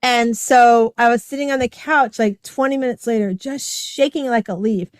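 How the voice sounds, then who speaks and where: A middle-aged woman hosts a podcast, telling a personal story in a casual, chatty way, full of fillers and acting out the voices she quotes. Her voice sits on the high side at a moderate pace, with no echo.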